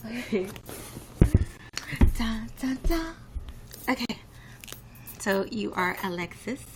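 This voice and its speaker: A woman's voice: a little high, slow, noisy background. A woman in her twenties chatting casually on a live stream, rambling and reacting to viewer comments. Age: 20s. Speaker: livestreamer.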